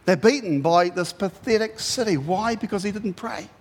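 A man preaches a sermon with a high, bright-sounding voice, retelling the story in an animated way and breaking into loud acted-out quotes. His voice rings with a long reverb from the hall he is speaking in. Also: moderate pace, breathy edge. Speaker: pastor.

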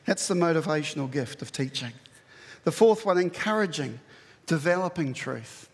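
A man's voice: on the high side, expressive, normal speed, breathy edge, long reverb tail. A man preaching a sermon to his church, conversational and emphatic, often acting out what people say. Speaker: pastor.

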